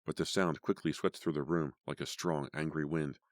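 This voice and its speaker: A man narrating a teen horror audiobook in a measured, even storytelling voice. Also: extremely low pitch, no room sound, clean studio sound. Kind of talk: scripted narration.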